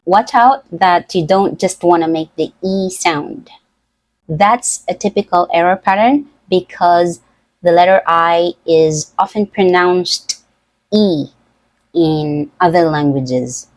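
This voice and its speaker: A woman teaching English pronunciation, speaking slowly and deliberately with careful enunciation. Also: lowish voice, expressive, dry recording, low-quality recording. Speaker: pronunciation tutor. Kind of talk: scripted pronunciation lesson.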